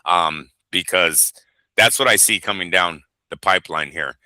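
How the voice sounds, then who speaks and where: A man with a lowish voice and a very sharp, tense edge hosts a boxing chat, speaking in an animated and profane way. He rambles from one point to the next with plenty of fillers. The sound is dry and close, with no room in it. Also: unhurried, no room sound. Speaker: boxing show host. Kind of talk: casual chat.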